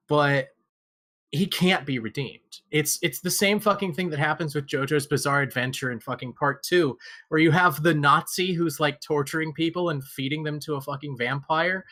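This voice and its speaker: A man's voice: a little high, pushed and bright. A man co-hosting a casual gaming podcast, ranting with lots of profanity. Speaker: podcast co-host.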